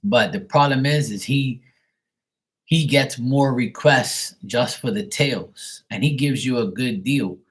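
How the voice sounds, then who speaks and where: A man's voice: medium pitch, slow. A man hosting a livestream, chatting casually and bluntly with viewers and swearing freely. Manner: profane, blunt, talks back to viewers. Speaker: livestream host.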